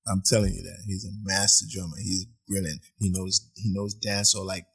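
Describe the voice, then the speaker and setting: Husky-voiced man telling animated stories. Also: deep voice, brisk, soft background music. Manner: animated storyteller, acts out quoted voices, laughs often. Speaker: podcast guest, musician. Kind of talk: casual storytelling chat. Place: apartment.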